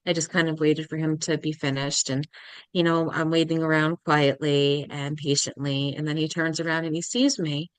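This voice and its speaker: Low, smooth-voiced young woman guest. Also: level tone, no echo. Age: young adult. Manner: halting and emotional, acts out quoted people. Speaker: podcast guest. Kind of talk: casual interview storytelling.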